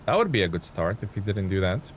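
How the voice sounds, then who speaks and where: A man's voice: sits low, big pitch swings, fast talker, slight background noise. A man live-streaming a truck game, chatting to viewers, thanking them and thinking aloud with ums and chuckles. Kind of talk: live gameplay stream commentary.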